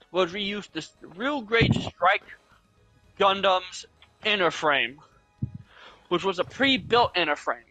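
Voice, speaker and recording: Bright high-voiced young man chatting. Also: dry recording, rough recording. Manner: chatty, explains at length with fillers. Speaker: gaming channel host. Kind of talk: casual chat while gaming.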